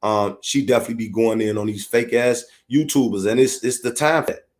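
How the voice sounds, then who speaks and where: A man's voice: medium pitch, fairly quick. A middle-aged man from Chicago with a Chicago accent, ranting bluntly and profanely on his podcast. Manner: profane, blunt, heated, repetitive. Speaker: podcast host. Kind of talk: unfiltered rant. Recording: echoey room.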